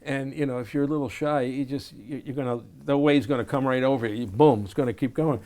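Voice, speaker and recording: His voice is medium-pitched and fairly quick. Being interviewed for an oral history, the jazz saxophonist and educator tells lively stories, performing scenes and scatting melodies as he goes.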